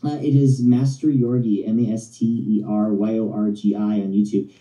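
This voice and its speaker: A man phoning in to a live show, talking in a halting, rambling, friendly way. His tone is very dark and mellow. The call comes through echoey and distant. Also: fairly low pitch, little pitch movement. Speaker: phone-in guest. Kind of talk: casual chat. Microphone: phone. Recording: echoey phone call from far off.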